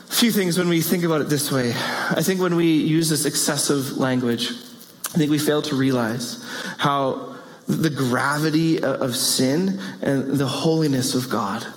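Guy giving an animated sermon, jokey asides, highish voice. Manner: animated, rising to exclamations and playful asides. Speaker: preacher. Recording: long hall reverb.

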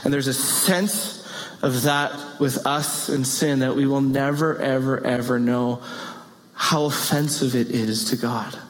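A man preaching a sermon in an animated way, with playful asides and rising exclamations. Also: mid-range voice, measured pace, slight background noise. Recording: long hall reverb.

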